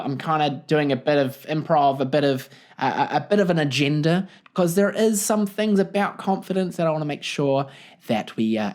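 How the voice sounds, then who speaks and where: A young man with a New Zealand accent hosts a solo comedic podcast, his voice leaping up and down with lively, animated intonation. He is expressive and quick to poke fun at himself. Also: a little high. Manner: expressive, animated, self-deprecating. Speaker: podcast host.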